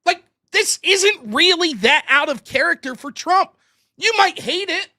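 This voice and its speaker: High, bright-voiced ranting man host. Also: a little slow. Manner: profane, berating and mocking; animated, swings between shouting and muttering. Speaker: live-stream show host. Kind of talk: ranting political commentary.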